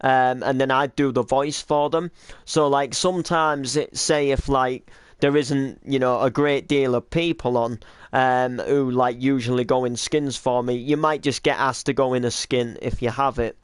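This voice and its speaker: Man, casual chat, hesitant and rambling, crisp voice, mid pitch. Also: steady tone, normal speed, dry recording, clean studio sound. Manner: rambling, hesitant with many restarts. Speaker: roleplay series creator and cameraman.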